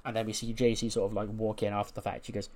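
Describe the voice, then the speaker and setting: A man's voice: on the low side, little pitch movement, fast, darkish tone. A man, casually recapping events as a podcast host, swearing freely and retelling what characters said. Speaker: podcast host recapping a wrestling game playthrough. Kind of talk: casual chat.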